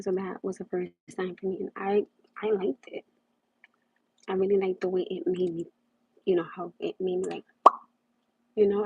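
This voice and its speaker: Over muffled, lo-fi livestream audio, a young woman with a warm, husky, medium-pitched voice hosts a casual stream. There's no echo, and she rambles and repeats herself as she talks.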